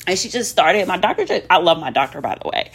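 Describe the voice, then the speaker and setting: A woman's voice: on the low side, sing-song, fast talker, breathy edge. A woman talking candidly to viewers in a casual personal vlog, chatty, with many ums and asides to "y'all". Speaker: vlogger.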